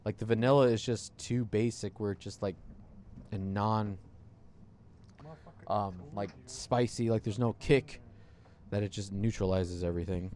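A man's voice: on the low side, fairly even intonation, unhurried, long pauses, a little mellow, slight background noise. A laid-back man in casual chat, swearing and drawing out long descriptions.

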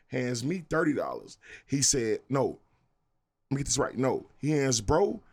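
A man telling a story in casual chat, animated and repeating words to take the floor. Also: mid-range voice.

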